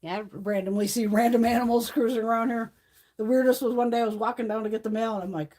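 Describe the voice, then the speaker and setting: A woman's voice: fairly high pitch, fairly even intonation, fast, darkish tone. A woman hosting a live stream from home, chatting casually, swearing freely and laughing often. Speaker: livestream host. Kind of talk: casual chat.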